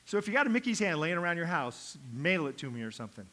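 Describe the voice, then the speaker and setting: A male pastor preaching a sermon, acting out quotes and swinging from hushed asides to loud, urgent lines. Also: a little high, big pitch swings, fast talker.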